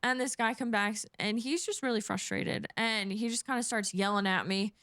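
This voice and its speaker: A woman who works as a flight attendant, telling a work story in quick, animated casual talk and acting out what people said. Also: a little high, no room sound, clean studio sound. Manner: fast, animated, acts out quotes.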